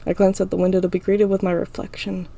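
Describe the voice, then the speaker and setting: A woman's voice: mid-range voice, monotone, quick pace, creaky, dark tone. A woman reading a first-person story aloud as an audiobook in a casual, unpolished way. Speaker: audiobook narrator.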